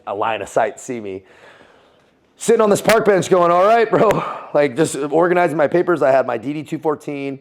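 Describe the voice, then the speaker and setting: A man's voice: medium pitch, gravelly. A man guest in a casual interview, telling a story in slangy, swear-filled talk with frequent laughs. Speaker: guest, former Navy SEAL and Foreign Legionnaire.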